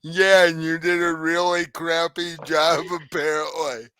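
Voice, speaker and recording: Man playing a talking cooked ham, indignant, grumbling, slightly high voice, clean dry sound. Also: flat delivery, measured pace, sharp tone, clean tone, no echo.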